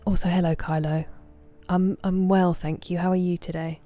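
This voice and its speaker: A woman, casually chatting with viewers on a game stream, thanking them by name and sometimes dropping to soft murmurs. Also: fairly low pitch, level tone, moderate pace, soft background music. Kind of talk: casual livestream chat.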